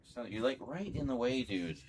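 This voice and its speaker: A man's voice: medium pitch, expressive, normal speed, heavy background noise. A man streaming live, chatting casually and rambling to his viewers and his pets.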